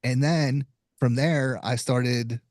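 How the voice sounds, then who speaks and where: A man's voice: medium pitch, takes it slowly, no echo. Male podcast host, casual storyteller, dry close recording. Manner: relaxed storytelling, with small restarts.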